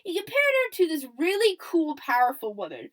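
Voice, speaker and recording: A young woman talks through her podcast in a casual, chatty way. Her voice sits high and swings widely as she acts out quotes and keeps checking in with her listeners. She sounds like someone recapping events for friends. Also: wildly swooping pitch, normal speed, rough recording. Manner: chatty, checks in often with "okay?" and "right?"; acts out quoted lines and laughs. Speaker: podcast host.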